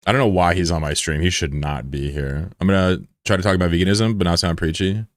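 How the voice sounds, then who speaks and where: A man's voice: sits low, steady tone, quick pace, dry recording, studio quality. A man streaming live, chatting casually with his viewers, joking and swearing as he banters with chat.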